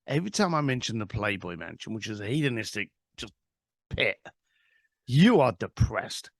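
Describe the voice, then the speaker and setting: A man's voice: on the low side, sing-song, fairly quick, gravelly, fairly bright tone, no echo, clean studio sound. A man, a guest telling an anecdote in an interview. He acts out both sides of a phone call. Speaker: guest, author. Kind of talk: storytelling interview.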